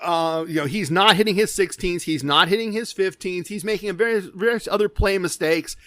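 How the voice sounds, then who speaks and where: Animated, high-voiced male podcast host. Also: fairly quick, no echo. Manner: animated, self-deprecating, with restarts. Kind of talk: casual storytelling.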